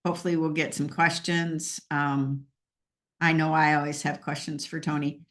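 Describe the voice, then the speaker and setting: A woman's voice: low voice, little pitch movement, moderate pace, a bit bright. A woman hosting a casual team talk, chatty and joking, with frequent fillers. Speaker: host. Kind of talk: casual team meeting chat.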